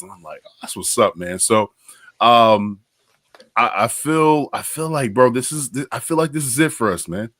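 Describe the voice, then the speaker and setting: A man co-hosting a casual sports podcast, excitable and animated, telling stories with casual slang. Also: mid-range voice, normal speed, dry recording, clean studio sound. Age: adult. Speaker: podcast co-host.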